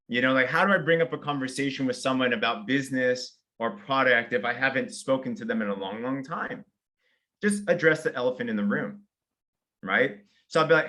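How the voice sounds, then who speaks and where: An energetic man runs a sales training session and talks listeners through simple numbered steps. He acts out sample invitations in a friendly, upbeat way. His voice sits in the middle range for a man. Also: medium pitch, a little fast. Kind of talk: motivational training talk.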